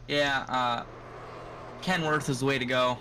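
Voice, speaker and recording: A young man interviewed after a sim race, relaxed and joking, with plenty of fillers. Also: mid-range voice, slow, slight background noise. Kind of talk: casual post-race interview.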